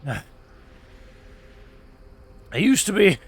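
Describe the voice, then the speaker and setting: A man's voice: high-pitched, wildly swooping pitch, extremely slow, creaky, slightly rough, full character voice. A man playing a chatty role-play craftsman with a put-on British accent, musing in a meandering, hesitant way full of fillers. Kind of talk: live-streamed role-play.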